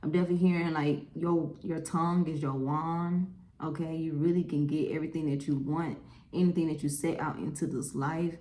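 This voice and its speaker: Young woman, tarot reading, chatty and lively, lowish voice, keeps saying y'all. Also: fairly quick, reverberant. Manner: chatty, animated, lots of "okay?" and "y'all". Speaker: tarot reader. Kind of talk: casual tarot reading to camera.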